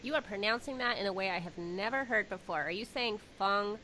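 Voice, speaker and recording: A woman hosting a podcast interview, chatting casually, enthusiastic and quick to laugh. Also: medium pitch, pushed and bright, a little hiss or hum, low-quality recording. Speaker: podcast host.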